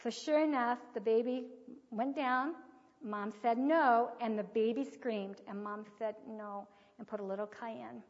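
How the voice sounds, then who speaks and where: A high-voiced woman gives plain-spoken parenting advice through demonstrative anecdotes. The recording sounds dull and lo-fi. A long hall reverb follows her words. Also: steady tone, normal speed. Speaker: child-rearing coach. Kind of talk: anecdotal teaching talk.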